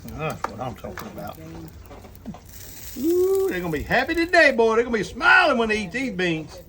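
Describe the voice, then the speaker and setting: A man with a drawl and a fairly high voice talks folksy straight to his viewers as he cooks outdoors. The meat sizzles loudly on the griddle behind him. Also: wildly swooping pitch, fast, a little hiss or hum, poor audio. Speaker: cooking channel host. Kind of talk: casual outdoor cooking vlog.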